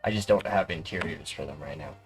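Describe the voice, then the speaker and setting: A man's voice: a bass voice, fast talker, music in the background. A man running an online tabletop game as game master, chuckling in a playful, easygoing way.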